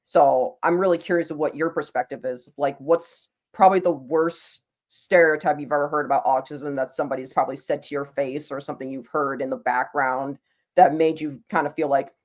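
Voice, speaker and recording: A podcast host speaks in a casual, earnest way at a medium pitch. The questions wind on at length, with quick asides along the way. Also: steady tone. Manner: earnest, talks in long winding questions. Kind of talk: casual interview conversation.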